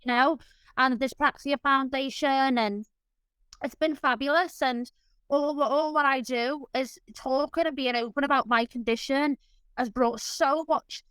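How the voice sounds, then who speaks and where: A woman's voice: high voice, fairly even intonation, measured pace, a bit bright, no echo, low-quality recording. A woman guest in an interview, talking in an effusive, openly emotional way. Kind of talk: casual interview chat.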